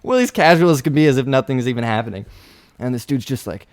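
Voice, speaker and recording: A young man trading stories on a casual podcast. He laughs through his tellings, and his voice sits at an everyday middle pitch. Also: expressive, fast. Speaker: podcast co-host. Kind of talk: casual storytelling chat.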